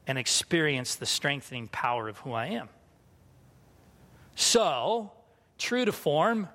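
A high-voiced man in his thirties preaches to his congregation in a candid, self-mocking storytelling manner. His voice carries a long reverb from the hall he speaks in. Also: bright, forceful tone. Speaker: pastor. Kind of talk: sermon with personal story.

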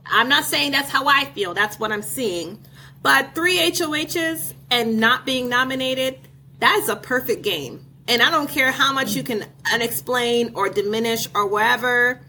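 A woman with a high, bright, forceful voice making her case on a video call. She stacks point after point with emphasis. Faint noise sits behind her. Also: animated, normal speed. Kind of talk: casual panel chat on a video call.

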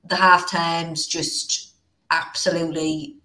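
Lively Northern woman host, low voice. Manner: animated storytelling, quick exasperated asides. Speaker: podcast host. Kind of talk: casual chat.

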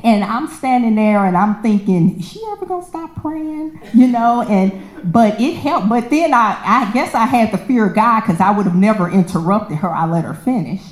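A woman telling a personal story in a casual, lively way, acting out the voices of the people in it. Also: mid-range voice, moderate pace, hardly any pauses. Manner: animated, acts out quoted voices, laughs often. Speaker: storyteller sharing a personal testimony. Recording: echoey room.

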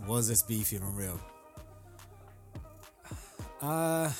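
A relaxed young man chatting on his own podcast, voice sitting on the low side. He rambles loosely, dropping slang and filler words as he goes. Faint music plays underneath. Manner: laid-back, rambling, frequent ums and slang. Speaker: podcast host. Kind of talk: casual solo podcast chat.

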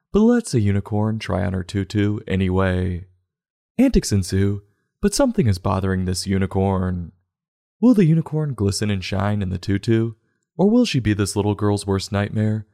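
A man reading a children's book aloud with sardonic, irreverent commentary. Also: on the low side. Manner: sardonic, irreverent, deadpan asides. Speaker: comedic book reader. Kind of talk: sarcastic storybook commentary.

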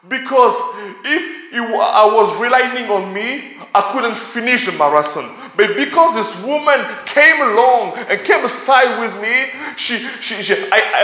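A man's voice: high-pitched, pushed and bright. A man preaching a sermon, telling a story with lots of repeated words and restarts. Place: church hall. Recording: echoey church hall.

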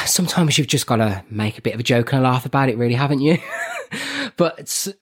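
A man's voice: mid-range voice, a little fast, slightly rough. A man with a Birmingham accent, a podcast co-host telling a story in casual chat, laughing often and mocking himself. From Birmingham, England.

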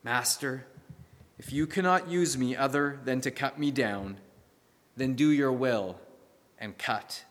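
A man voicing a proud male bamboo plant in a spoken fable, pleading and trembling, sometimes dropping to a hush, with a long hall echo. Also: medium pitch, slow pace, pauses often, lightly acted.

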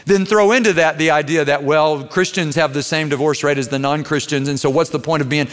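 A man preaching a sermon as a pastor, earnest, moving between quiet tenderness and raised intensity. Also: fairly high pitch, steady tone, fairly quick. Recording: long hall reverb.

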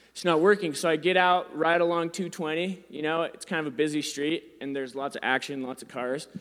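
A man telling a funny story about being a dad in a casual, animated, self-deprecating way. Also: in a large hall. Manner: animated, self-deprecating, gets louder and higher when excited.

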